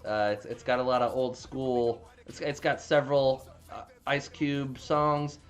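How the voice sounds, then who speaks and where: A man's voice: mid-range voice, little pitch movement, unhurried. A man casually recapping a movie plot, rambling with frequent restarts and plenty of swearing. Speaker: movie reviewer.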